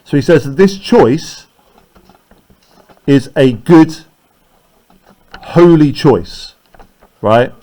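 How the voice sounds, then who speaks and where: A man's voice: a little high, expressive, extremely slow, pauses often, warm tone. Male teacher explaining a text. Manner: explanatory, checks in with "right?" often. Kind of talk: classroom explanation.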